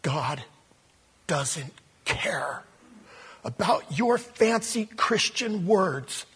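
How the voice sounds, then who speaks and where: Animated, husky-voiced male preacher. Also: high voice, very slow. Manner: animated, swings from loud to soft, conversational. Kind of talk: sermon.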